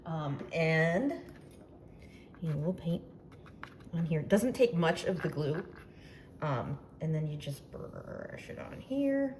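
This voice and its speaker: A woman with a low-set voice hosts a casual baking tutorial, her pitch rising and falling in lively swoops. She chats through each step with playful, self-mocking asides. Faint background hum sits under the recording. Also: slow, pauses often. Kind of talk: casual demonstration.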